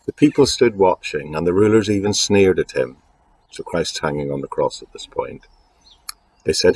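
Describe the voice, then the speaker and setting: Low-voiced man preaching earnestly. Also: a little mellow, a little hiss or hum. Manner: earnest, measured preaching with repeated phrases. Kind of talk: sermon.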